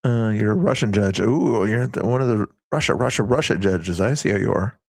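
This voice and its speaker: A man's voice: on the low side, animated, brisk, darkish tone, no room sound. A man hosting a casual livestream, chatting in a rambling way and reading viewers' comments aloud. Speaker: livestream host.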